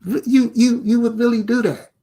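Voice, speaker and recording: A man's voice: very high voice, fairly even intonation, moderate pace, dark tone, husky. A man delivering a confrontational commentary, firing rhetorical questions straight at the viewer. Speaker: online commentator. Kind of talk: ranting commentary to camera.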